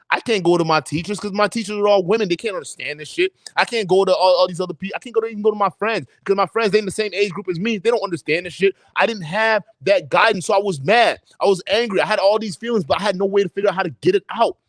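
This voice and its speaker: A young adult man on a livestream chat, telling personal stories in a lively, profane way and acting out the voices of people he quotes. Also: sits high, no echo. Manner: animated storytelling, acts out quoted voices, profane. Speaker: podcast co-host.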